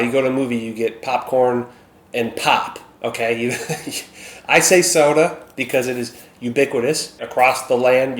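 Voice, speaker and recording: Chatty Minnesotan man in an echoey room. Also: mid-range voice. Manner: chatty, self-deprecating, frequent "okay?" asides. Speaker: vlogger. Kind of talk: casual talk to camera. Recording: echoey room with faint ambient noise.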